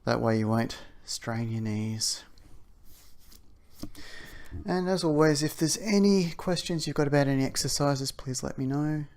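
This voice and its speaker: A man leading an outdoor exercise warm-up, talking through the moves with chatty asides. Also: fairly high pitch, measured pace, long pauses. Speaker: exercise instructor. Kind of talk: guided warm-up instruction. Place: outdoors on a windy day.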